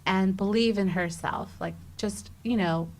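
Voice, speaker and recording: A woman in her thirties, a guest on an interview show, telling a personal story with lively energy and acting out the dialogue. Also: mid-range voice, a little slow, rough recording. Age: 30s. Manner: animated, acts out quoted dialogue with many "like"s. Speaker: guest, travel writer.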